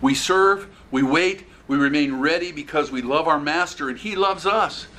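With slight background noise behind him, a man whose voice runs on the high side preaches an expository sermon at normal speed. This animated pastor acts out the scripture voices and puts questions to his audience.

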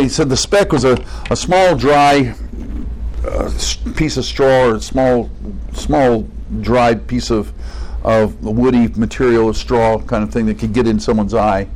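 An earnest male preacher speaks to his congregation in a conversational tone. His voice sits in a middling male pitch, and he reads scripture aloud before explaining it in plain terms. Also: darkish tone, low-quality recording. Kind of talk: sermon.

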